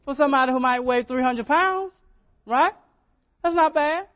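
A man's voice: extremely high pitch, normal speed, lo-fi sound. A man preaching a sermon as pastor, in a folksy, repetitive way, often asking the congregation questions.

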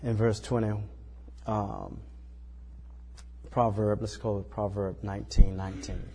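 A man's voice: lowish voice, flat delivery, measured pace, mellow, long reverb tail, a little hiss or hum. A man preaching a sermon in a small church, talking in a loose, conversational way and often checking in with the listeners. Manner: conversational, folksy, repeats tag questions like "you know".

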